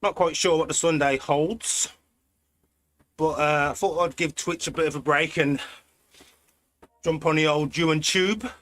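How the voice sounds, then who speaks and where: A man from Britain with a British accent, chatting in a relaxed way while hosting a cycling live stream from an indoor trainer at home. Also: a little high. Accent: British English. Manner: relaxed, chatty, thinking aloud with pauses. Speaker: cycling livestream host. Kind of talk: casual live-stream chat while riding.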